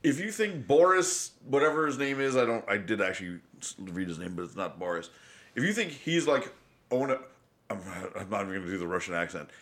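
A man's voice: on the low side, big pitch swings, fast, fairly bright tone. A man hosting a podcast in casual, blunt and profane chat. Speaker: podcast host.

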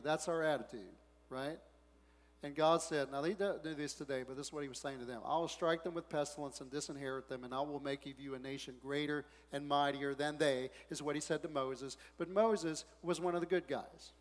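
A man pastor preaching a sermon, reading scripture quietly, then rising into loud, excited preaching. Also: on the high side, moderate pace, in a large hall.

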